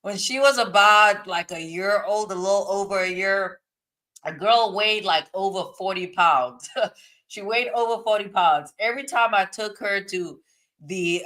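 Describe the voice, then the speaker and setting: A woman's voice: mid-range voice, pushed and bright. A woman hosting a casual live stream, reading chat comments aloud and laughing often as she chats.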